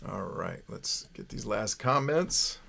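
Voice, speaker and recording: A man's voice: lowish voice, expressive, slow pace, gravelly, pushed and bright, a little hiss or hum. A man hosting a casual livestream, talking loosely, often checking in with "right?", and swearing when he gets worked up. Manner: former radio voice for phone numbers. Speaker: livestream host.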